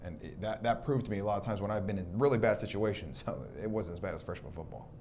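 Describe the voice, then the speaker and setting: A man's voice: fairly low pitch, fast talker, slight background noise. A man from Southern California, recounting his youth in an interview and acting out the dialogue as he tells it. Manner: lively storyteller who acts out quoted dialogue. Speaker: documentary subject. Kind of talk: reminiscing interview.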